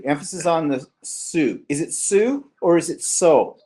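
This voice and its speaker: A man's voice: on the high side, big pitch swings, measured pace, hardly any pauses, darkish tone. Chatty Canadian man hosting a live vlog. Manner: chatty, rambling, teasing. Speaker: vlog host. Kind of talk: live-stream chat.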